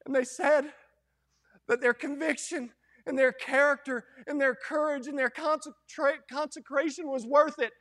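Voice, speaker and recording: A man preaching a fervent Baptist sermon, moving between hushed lines and loud, fiery ones. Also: very high voice, steady tone, normal speed. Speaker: Baptist pastor.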